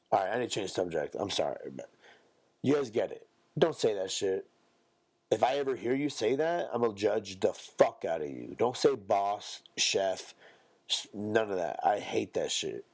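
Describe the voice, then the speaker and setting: Young male podcast co-host, gravelly, lively pitch, blunt profane ranter. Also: measured pace. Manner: blunt, profane, mocks others in a high squeaky voice. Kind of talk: casual ranting monologue.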